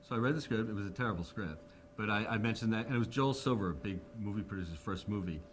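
A man's voice: lowish voice, fast talker, slight background noise. A man in his fifties, being interviewed, telling anecdotes animatedly and acting out the people he quotes. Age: 50s.

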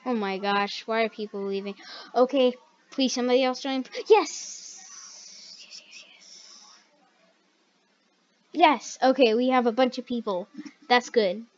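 A woman hosting a gaming video, chatting casually through the play, chatty and excitable and yelping when startled. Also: fairly high pitch, normal speed. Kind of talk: casual gameplay commentary. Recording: dull lo-fi recording.

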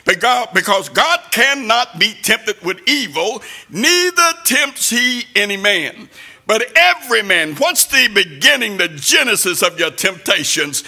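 Man, sermon, sing-song preaching, shouted peaks, very high voice, gravelly. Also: big pitch swings, measured pace.

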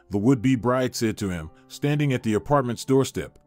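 A man reading a scripted drama story as narrator in a steady storytelling manner. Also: medium pitch, brisk, few pauses, faint music behind.

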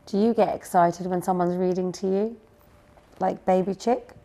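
A woman reading a picture book aloud to young children, gently asking them questions along the way. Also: lowish voice, steady tone, normal speed. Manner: gentle, asks listeners questions. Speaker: storyteller.

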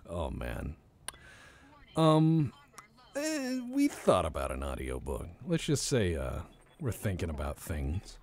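A man's voice: deep voice, huge pitch swings, slow, a little mellow. A man streaming a video game, giving casual, joking commentary and talking to himself as he plays. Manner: joking, rambling, talks to himself.

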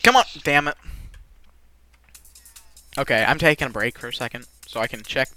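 A let's play gamer giving live commentary who rages and swears, with sudden yells between low muttering. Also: normal speed. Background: faint game music.

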